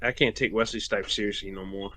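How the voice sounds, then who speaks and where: A man co-hosting a podcast, talking bluntly and profanely with animated joking. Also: on the low side, fast talker. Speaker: podcast co-host. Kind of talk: casual chat.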